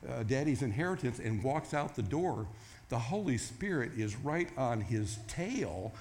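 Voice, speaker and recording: A man's voice: medium pitch, measured pace, slight background noise. A man preaching a sermon, telling a story casually and acting out the voices in it. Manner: storytelling, acts out quoted voices with rising excitement. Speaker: pastor.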